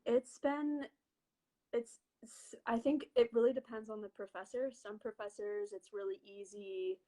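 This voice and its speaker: Young woman guest, casual and a little halting, on a video call. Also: medium pitch, fairly even intonation, dark tone, low-quality recording. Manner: friendly, hesitant, many ums and restarts.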